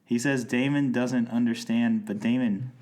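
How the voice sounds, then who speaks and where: A man's voice: medium pitch, fairly even intonation, measured pace, a little mellow. A young man co-hosting a podcast, joking around as he reads through plot points of an episode. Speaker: podcast co-host. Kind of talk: casual chat recapping a TV episode.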